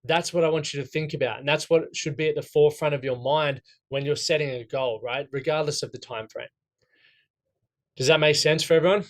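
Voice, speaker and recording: A man's voice: on the high side, fairly even intonation, a little fast. Blunt, casually swearing Australian man coaching. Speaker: coach running a men's goal-setting workshop. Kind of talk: casual workshop talk.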